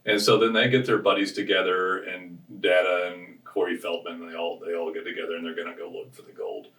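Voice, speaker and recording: Rambling man, low voice, roomy room. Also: little pitch movement, brisk, fairly bright tone, distant mic. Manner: rambling storyteller, restarts often. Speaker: podcast co-host. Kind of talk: casual chat. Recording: roomy sound from off-mic.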